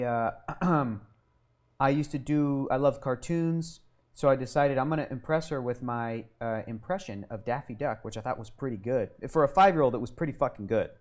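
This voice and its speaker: A man telling a long childhood story as an interview guest, animated and swearing often, acting out what people said. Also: mid-range voice. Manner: animated and profane, acting out quotes.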